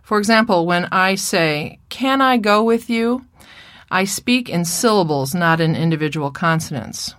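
A woman giving a recorded lecture presentation on speech therapy, speaking in a clear, measured teaching voice. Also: lowish voice, animated, a bit bright, no room sound, clean studio sound. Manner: clear, measured teaching voice with playful child and mother impressions.

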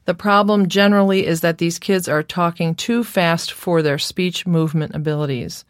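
A woman's voice: lowish voice, fairly even intonation, no echo, clean studio sound. A woman lecturing on speech therapy in a careful, scripted instructional narration. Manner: slow, careful, demonstrates sounds.

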